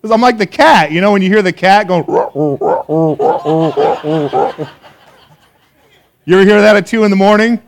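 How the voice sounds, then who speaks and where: A pastor preaching a sermon to a live congregation, an animated storyteller who talks straight to his listeners with questions and laughs at his own jokes. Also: sits high, rapid-fire, few pauses. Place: church service before a live congregation.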